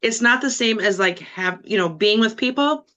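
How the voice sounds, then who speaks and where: A woman on a team video call who shares a personal story in an emotional, animated way, with rambling restarts. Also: on the high side, normal speed. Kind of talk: casual personal sharing.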